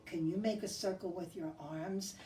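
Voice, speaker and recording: A woman leading a children's sing-along and story time, speaking gently in a sing-song way to young kids. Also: lowish voice, fairly even intonation, moderate pace, a little hiss or hum. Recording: echoey room, mic at a distance, guitar.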